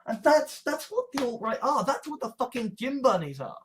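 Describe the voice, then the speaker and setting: A woman with a high voice speaks at a moderate pace over a noisy background. As host, she delivers casual, ranting commentary, profane and animated, acting out the reactions of people she quotes.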